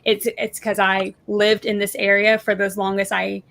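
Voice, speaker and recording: A woman's voice: medium pitch, flat delivery, moderate pace, vocal fry, a bit bright, slight background noise. A woman from the northeastern US with a Southern Kentucky accent, chatting casually on a panel with many fillers. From northeastern United States.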